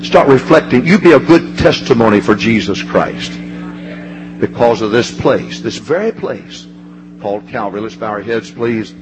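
A man preaching a fervent sermon. He swings between ringing shouts and low, hushed passages. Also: lively intonation, moderate pace, noisy background.

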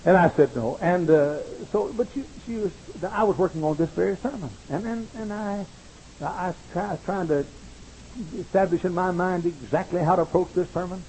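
A man's voice: high-pitched, moderate pace, mellow, slight background noise, low-quality recording. A man preaching a sermon to college students, pressing his points through emphatic repetition and slipping into rambling, self-mocking stories. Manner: wry, rambling anecdotes with self-mocking asides.

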